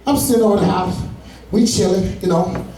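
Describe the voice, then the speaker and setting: A man's voice: high voice, a little fast, vocal fry, mellow, slight background noise. A man doing a stand-up comedy set, telling loose, profane stories with asides to the audience. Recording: echoey room, far from mic.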